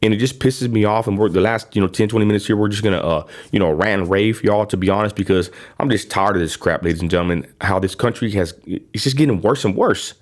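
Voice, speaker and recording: Livestream host, 30s man, West Texas accent, blunt rambling talker, fairly low voice. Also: fast talker. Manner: rambling and blunt, lots of fillers. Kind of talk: casual livestream rant.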